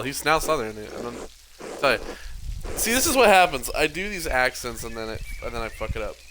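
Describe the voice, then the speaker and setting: A man's voice: medium pitch, very animated, a little fast, sharp tone, a little hiss or hum, low-quality recording. Laughing, self-mocking male streamer. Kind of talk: live gameplay commentary.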